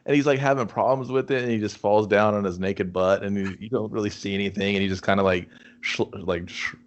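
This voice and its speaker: A man's voice: lowish voice, fairly even intonation, brisk, dull audio. A man co-hosting a casual movie review chat, laughing often and acting out characters. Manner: laughing, acts out characters in playful voices. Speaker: podcast co-host, movie reviewer.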